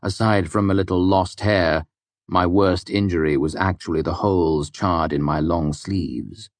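Deep-voiced man narrating an audiobook. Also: no echo. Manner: steady, measured storytelling.

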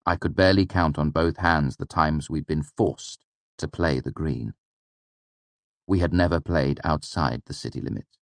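Deep-voiced male audiobook narrator. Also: no room sound. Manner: measured, reflective storytelling. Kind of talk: first-person audiobook narration.

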